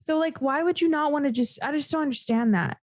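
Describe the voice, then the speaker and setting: Blunt, higher-voiced woman podcast co-host. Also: quick pace, no echo, clean studio sound. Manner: blunt, incredulous, swears freely. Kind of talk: casual chat.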